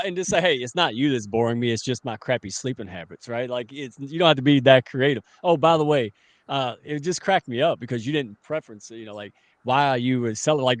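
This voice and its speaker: A man's voice: mid-range voice, no echo. A man in his forties hosting a live stream, playful and teasing in casual chat. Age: 40s.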